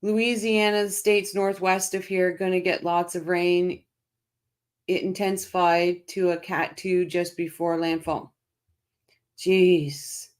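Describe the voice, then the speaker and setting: A woman's voice: on the low side, little pitch movement, takes it slowly. A middle-aged woman hosting a casual livestream, chatting and reading out viewer comments with frequent restarts. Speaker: livestream host.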